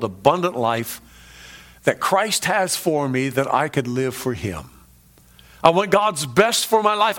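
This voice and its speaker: Man, pastor, sermon, fairly high voice, emphatic, rising peaks and low drops, asks listeners questions. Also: fairly bright tone. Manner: conversational asides to the congregation.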